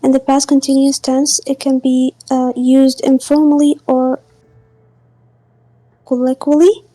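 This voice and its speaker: High, flat-voiced woman reading hesitantly. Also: unhurried, no echo. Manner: careful, hesitant reading with fillers. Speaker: student. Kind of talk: reading a text aloud in class.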